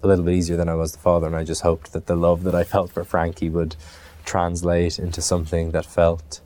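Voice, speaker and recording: A man's voice: sits low, monotone, brisk, mellow, slight background noise. A man from Ireland, an actor, answering interview questions in a thoughtful way, with many restarts and fillers.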